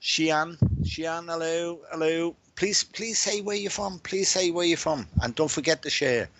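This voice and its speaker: A man's voice: fairly high pitch, a little slow, a bit bright. A man from Wales, a medium hosting a livestream, chatting casually and greeting viewers by name, often repeating words and restarting his sentences.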